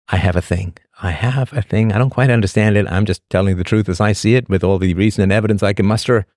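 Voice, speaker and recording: A man with a low, deep voice hosts a casual livestream monologue, drifting from thought to thought with a sardonic edge. He restarts his sentences often, and the sound is close and dry, with no room around it. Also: a little mellow, no echo. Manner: rambling, sardonic, with frequent restarts. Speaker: livestream host.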